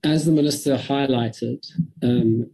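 A man from South Africa giving a measured, careful briefing to a parliamentary committee over a video call. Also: medium pitch, fairly even intonation, vocal fry, mellow, low-quality recording. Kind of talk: formal briefing.

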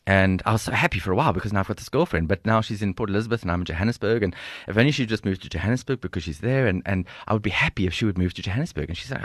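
A South African man in his forties telling a personal story as a podcast guest, animated, acting out dialogue and laughing often. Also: lowish voice, racing, few pauses, no echo, clean studio sound. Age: 40s. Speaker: guest speaker. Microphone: studio microphone.

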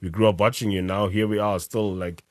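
A man's voice: fairly low pitch, fairly even intonation, fairly quick, darkish tone, no echo, studio quality. A South African man in his thirties, co-hosting a casual podcast chat, rambling and restarting his sentences and laughing often. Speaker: podcast co-host.

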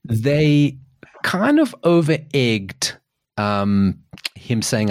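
A man in his forties co-hosts a casual podcast, telling stories with excitable energy. His pitch swings widely and he often restarts mid-sentence. The sound is dry and close. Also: moderate pace, no echo. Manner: animated storyteller, jumps in pitch, restarts often. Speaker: podcast co-host. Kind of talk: casual chat.

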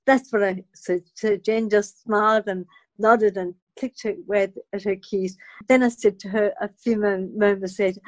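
A woman, an actress telling her story as a guest in dramatic, expressive bursts with stammered restarts. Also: mid-range voice, normal speed, no room sound. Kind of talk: animated personal storytelling.

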